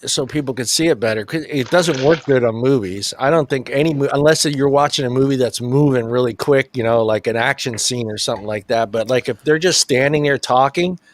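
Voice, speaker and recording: A man's voice: medium pitch, brisk, hardly any pauses, dry recording. Blunt, cursing man with a Philly accent. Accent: Philadelphia. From South Philadelphia. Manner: blunt, swears freely, laughs often. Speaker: podcast host. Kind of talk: casual chat.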